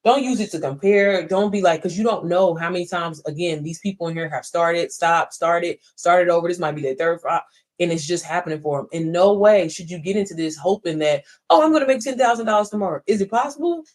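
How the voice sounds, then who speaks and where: A woman's voice: lowish voice, fairly quick. Emphatic woman coaching viewers on livestream. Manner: emphatic, preachy, swearing, talks straight to viewers. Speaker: online business coach. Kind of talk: casual livestream pep talk. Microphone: phone.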